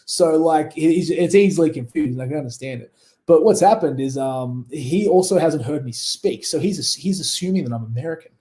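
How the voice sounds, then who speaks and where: A man's voice: fairly high pitch, normal speed, dark tone. A man with an Australian accent, a wrestler telling stories in a casual interview, rambling, laughing often and swearing freely. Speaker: guest wrestler.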